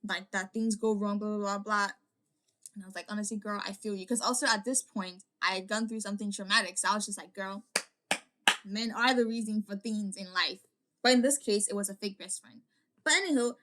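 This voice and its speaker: A woman's voice: mid-range voice, pushed and bright. A young woman vlogger telling a personal story in a casual, rambling way, full of "like" fillers and restarts.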